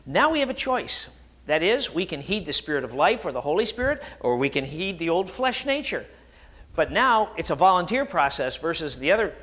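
Middle-aged male pastor, sermon delivery, lively swinging pitch, slightly high voice, self-deprecating asides. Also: moderate pace.

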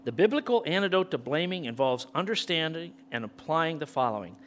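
A middle-aged male pastor preaching an impassioned sermon, swinging from loud peaks to near-whispers. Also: fairly high pitch, very animated, a little fast, a little hiss or hum.

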